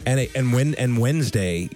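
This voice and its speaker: Profane, animated man from New Hampshire. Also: mid-range voice, normal speed, faint music behind. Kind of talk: casual chat, storytelling.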